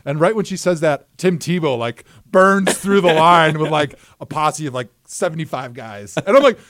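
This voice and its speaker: Animated man telling a story, dry sound. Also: on the high side, normal speed, no echo. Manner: animated storyteller, acts out the voices of others. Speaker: podcast co-host, former football player. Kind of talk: casual storytelling chat.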